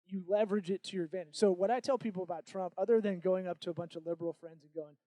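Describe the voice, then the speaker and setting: A man hosting a podcast in casual comedic chat, playful and jokey, breaking into loud bits. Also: high voice, fairly even intonation, rapid-fire, no echo. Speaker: podcast host.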